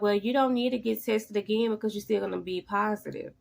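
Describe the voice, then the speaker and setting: A woman, casually telling a personal story, leaping up high for quoted lines and dropping to a hush when scared. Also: brisk. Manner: animated, jumps to high exclaiming quoted lines; drops to hushed, breathy tones when talking about fear. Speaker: vlogger.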